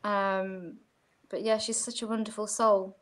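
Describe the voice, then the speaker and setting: A woman's voice: medium pitch, little pitch movement, measured pace. A woman talking casually on a video call, rambling with many fillers and restarts. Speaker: guest.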